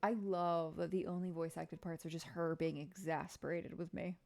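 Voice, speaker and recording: A woman's voice: fairly low pitch, flat delivery, normal speed, creaky, darkish tone. A woman streaming a game, making playful, self-mocking asides between reading the dialogue. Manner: playful, laughs at herself. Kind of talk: casual gaming commentary.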